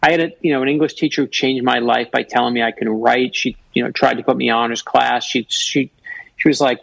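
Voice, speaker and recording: Gravelly, husky man telling a story. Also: medium pitch, dry recording, poor audio. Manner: animated, fast storytelling with restarts. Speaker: guest author. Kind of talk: storytelling on a radio talk show.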